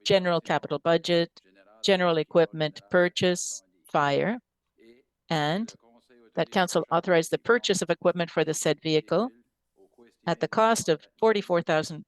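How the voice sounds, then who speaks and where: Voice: mid-range voice, moderate pace, clean tone, dry recording, rough recording. Councillor reading a formal resolution. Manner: steady formal reading of figures and account numbers. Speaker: city councillor.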